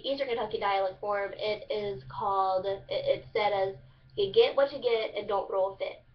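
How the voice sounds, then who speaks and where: Young woman rambling through a class presentation, mic far off, kinda muffled. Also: medium pitch. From Southern Illinois. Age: young adult. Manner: casual, chatty, many fillers and restarts. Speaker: student presenter. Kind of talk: class project explanation. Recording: distant, muffled lo-fi recording.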